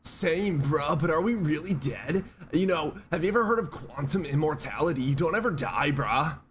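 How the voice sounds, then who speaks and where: A man's voice: a little high, animated, moderate pace, a crowd in the background, voice pushed up, natural voice. A dreamy, smug stoner guru bro, as a man puts him on. He drawls in a raised, lilting voice that swings up and down, and he slips "bruh" into everything. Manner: drawling, mocking, says bruh.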